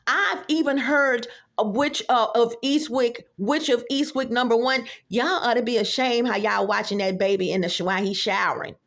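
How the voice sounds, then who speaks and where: A woman's voice: fairly high pitch, steady tone, normal speed, fairly bright tone. A middle-aged woman giving blunt, profane reaction commentary on a vlog, telling stories straight to her viewers. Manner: blunt, profane, storytelling, addresses viewers directly. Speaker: YouTube commentator.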